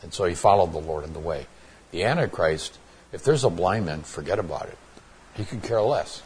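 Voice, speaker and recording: A man's voice: deep voice, animated, moderate pace, darkish tone, slight background noise. A man preaching a Bible sermon, earnest and plainspoken, often restarting his words with fillers.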